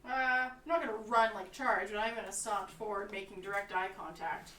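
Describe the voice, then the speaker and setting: A woman playing in a tabletop game, talking in a lively, playful way. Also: mid-range voice, normal speed. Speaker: player. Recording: loud noisy, echoey mic from far off.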